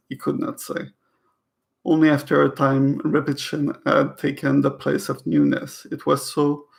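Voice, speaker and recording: A man's voice: mid-range voice, creaky. A man reading a novel aloud in a casual way, stumbling over words, rereading them, and breaking off into chatty comments. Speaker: reader of a novel. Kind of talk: casual read-aloud with asides.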